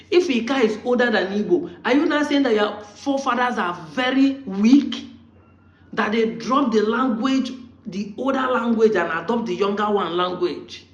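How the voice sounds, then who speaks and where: A man with a very high-pitched, fairly bright voice and a Nigerian accent speaks at normal speed. An online commentator, he delivers a combative, argumentative monologue, firing rhetorical questions at his critics. The recording is roomy, muffled and lo-fi.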